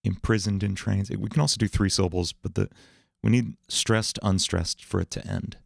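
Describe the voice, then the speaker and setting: Low gravelly-voiced man thinking aloud. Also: normal speed, no room sound, studio quality. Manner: thinking aloud, trying out words. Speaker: livestream host writing songs. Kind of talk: casual livestream chat.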